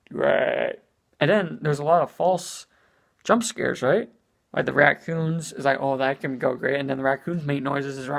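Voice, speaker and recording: Exasperated speaker with vocal fry. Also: mid-range voice. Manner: exasperated, ranting, lots of "you know" and swearing. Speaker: movie reviewer. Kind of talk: casual spoken movie review.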